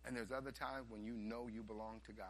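A man preaching a sermon, telling a story and swinging from hushed asides to loud, animated bursts. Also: mid-range voice, quick pace.

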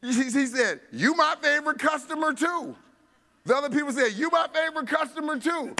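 A man preaching a sermon, telling a story with animated voices for each person and laughing along. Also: extremely high pitch, a little fast, a little hiss or hum.

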